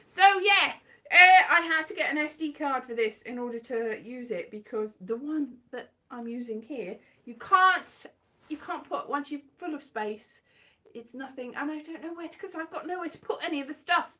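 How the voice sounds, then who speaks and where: High-voiced rambling woman vlogger. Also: lively intonation, moderate pace, pushed and bright. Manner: chatty, scatterbrained, self-mocking, breaks into silly sung lines. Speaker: vlogger streaming from her phone. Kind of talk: rambling casual chat with sung bits. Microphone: phone. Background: keyboard music.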